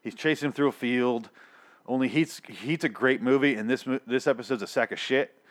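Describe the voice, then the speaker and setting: A man's voice: medium pitch, brisk. A man giving a casual, profane review of a TV episode, blunt and rambling, with frequent swearing and restarts.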